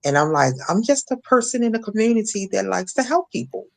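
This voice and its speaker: Halting middle-aged woman recounting trauma. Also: medium pitch, animated, vocal fry. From Maryland, USA. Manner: halting, many restarts and fillers. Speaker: guest. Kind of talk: emotional personal testimony.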